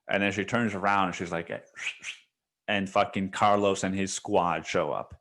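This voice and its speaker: A man's voice: low voice, steady tone, moderate pace, a bit bright. A man hosting a solo podcast, recounting a dream in a casual, profane storytelling manner. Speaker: podcast host.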